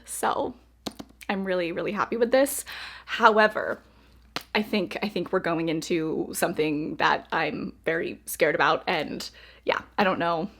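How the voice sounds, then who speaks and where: A woman's voice: mid-range voice, moderate pace, gravelly, fairly bright tone, breathy edge. A young woman vlogging about books, gushing and effusive, repeating words for emphasis. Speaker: book vlogger. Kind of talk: casual reading vlog chat.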